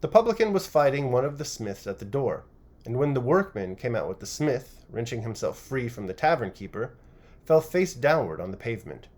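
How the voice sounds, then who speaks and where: A man narrating a classic novel chapter by chapter as an audiobook reader, with an expressive, varied reading. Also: medium pitch, fairly quick.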